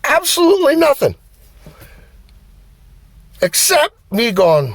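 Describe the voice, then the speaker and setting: Man, fairly high voice, blunt profane motivational rant, swearing. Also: measured pace, pauses often, dry recording. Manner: blunt, heavy swearing, animated. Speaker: vlogger and driver.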